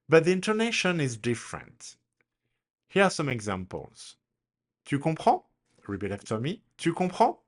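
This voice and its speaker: A man teaching a recorded grammar lesson, speaking deliberately and modeling example questions with a strong rising intonation for learners to repeat. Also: medium pitch. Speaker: language teacher.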